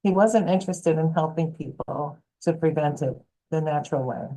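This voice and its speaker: A woman health coach telling stories in an interview, lively and acting out what people said. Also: deep voice, moderate pace, rough recording. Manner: animated, acts out quoted voices. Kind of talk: storytelling interview answer.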